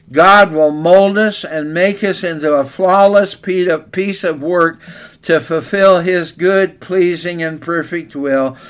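A man's voice: on the high side, fairly bright tone. A man preaching a sermon in an earnest storytelling way, now and then correcting his own slips.

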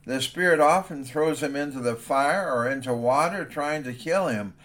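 A man's voice: fairly high pitch, moderate pace, a bit bright, close to an everyday voice. A man voicing a desperate father who pleads for help for his son. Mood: pleading.

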